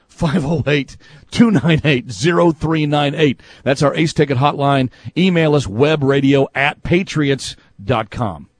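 A man hosting a sports talk radio show, animated and exasperated, who yells for emphasis. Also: on the high side, unhurried, no echo.

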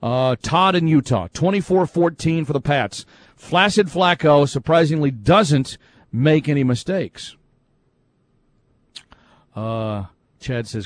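A man's voice: on the high side, lively intonation, takes it slowly, pauses often, no room sound. A man hosting a sports podcast, casually chatting and reading out listener emails in an upbeat way. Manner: chatty and upbeat, often laughing at messages. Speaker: podcast host.

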